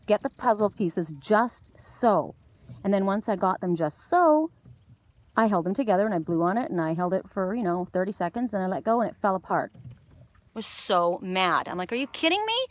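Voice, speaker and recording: A woman from Canada giving an oracle card reading outdoors by the water, telling a story in a rambling, animated way with many restarts. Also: lowish voice, fairly quick. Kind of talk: casual spiritual message. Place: outdoors by water with jumping fish.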